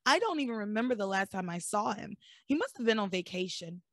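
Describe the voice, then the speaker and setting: A hoarse woman who is losing her voice, so it sounds deeper than usual, hosting a podcast and recapping a soap opera in animated, joking chat. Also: fast talker, dry recording, studio quality. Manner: animated, joking, laughs often. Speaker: podcast host.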